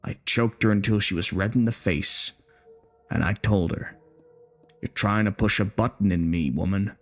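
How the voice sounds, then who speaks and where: A man voicing a bitter, crude, hostile older male war veteran who talks slowly, menacingly and profanely. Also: on the low side.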